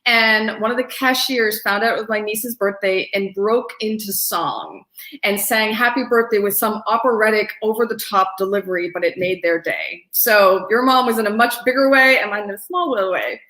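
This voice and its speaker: A woman's voice: medium pitch, normal speed, sharp tone, roomy sound. A woman hosting a streamed storytelling show, chatting casually and introducing the next teller. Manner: chatty, many fillers. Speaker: host. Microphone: streamed from home.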